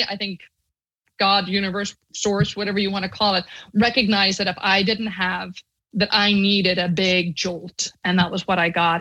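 Woman, Irish accent, middle-aged, podcast guest, earnest storyteller, bright forceful voice. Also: lowish voice, rough recording. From Ireland. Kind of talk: podcast interview, personal story.

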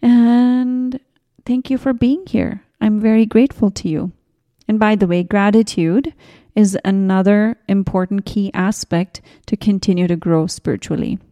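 A woman in her forties hosting a spiritual podcast, talking gently in a rambling way with tangents and restarts. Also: mid-range voice, steady tone, measured pace. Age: 40s. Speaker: podcast host. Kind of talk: casual spiritual podcast talk.

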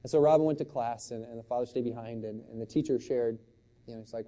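Impassioned male pastor, dark mellow voice. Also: medium pitch, fast. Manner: impassioned, swings from loud exclamations to hushed storytelling. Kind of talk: sermon.

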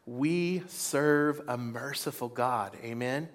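Male pastor, mid-pitched, preaching to a congregation, asks listeners to repeat lines. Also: a little slow, hardly any pauses. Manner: preaching with call-and-response to the congregation. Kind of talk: sermon. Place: church before a congregation.

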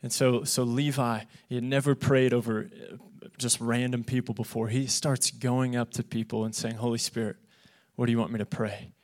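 Young man as youth pastor, earnest and animated sermon, brings quoted lines to life. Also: medium pitch, normal speed. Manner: earnest, animated preaching that acts out quoted voices. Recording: podcast of a live church sermon.

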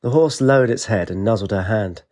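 Low-voiced audiobook narrator. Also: male voice, brisk. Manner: steady storytelling.

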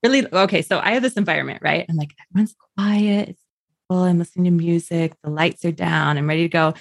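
A woman sharing her own story casually, animated, acting out the people in it and laughing often. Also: fairly low pitch, quick pace, vocal fry, no echo. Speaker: podcast guest sharing her birth story.

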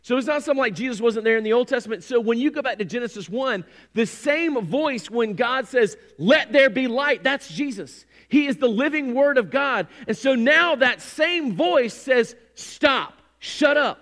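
A man preaching a sermon, animated and conversational, acting out quoted voices. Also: extremely high pitch, moderate pace, few pauses. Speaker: pastor.

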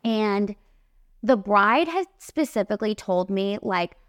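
A young woman in her twenties, a makeup artist hosting a podcast, telling a story in a casual, animated, emphatic way. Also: mid-range voice, slow, clean tone, dry recording, studio quality.

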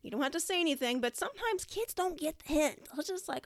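A woman's voice: high-pitched, animated, brisk, hardly any pauses, no echo. A woman giving practical classroom behavior advice in a direct, demonstrating way. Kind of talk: podcast-style teaching talk.

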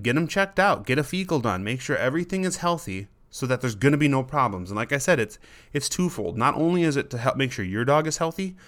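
A man with an ordinary mid-range voice hosts a relaxed advice podcast as a dog trainer. He talks in a loose, conversational way, restarting phrases and voicing a dog's inner thoughts in quotes. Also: medium pitch.

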